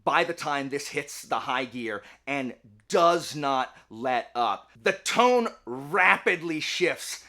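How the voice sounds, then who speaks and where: Bright, chatty young man reviewing. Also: fairly high pitch, slow. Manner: chatty, many "like" fillers, animated. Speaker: book and game reviewer. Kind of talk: casual spoken review.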